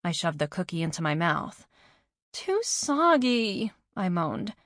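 Low-voiced female audiobook narrator. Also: steady tone, moderate pace, fairly bright tone, dry recording, studio quality. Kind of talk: first-person scripted narration.

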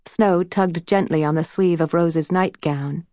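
Woman audiobook narrator, slow and gentle, mid pitch, dry close studio sound. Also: steady tone, no echo. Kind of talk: scripted storybook narration.

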